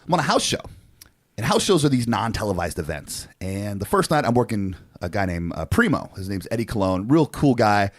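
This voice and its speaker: A man in his forties, co-hosting a podcast, telling a story in a casual, animated way with lots of swearing and fillers. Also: fairly low pitch, fairly quick, dry recording, studio quality. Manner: animated, profane, frequent fillers. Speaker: podcast co-host.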